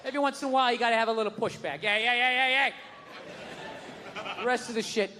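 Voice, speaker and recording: A man doing a stand-up comedy set, ranting with profanity and loud, exasperated bursts. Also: very high-pitched, a little fast, long pauses. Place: live comedy venue with audience. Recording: live show with crowd and noise.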